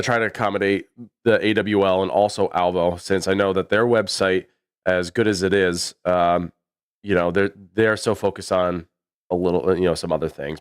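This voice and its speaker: A man with a baritone voice giving chatty, rambling livestream commentary on a match, with many fillers. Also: smooth, no room sound, studio quality. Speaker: esports commentator.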